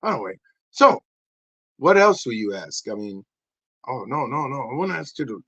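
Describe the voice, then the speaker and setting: A man hosting a comedy podcast, talking in low, mumbled asides. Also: sing-song, normal speed, fairly bright tone, husky, no room sound, muffled recording. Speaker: podcast host.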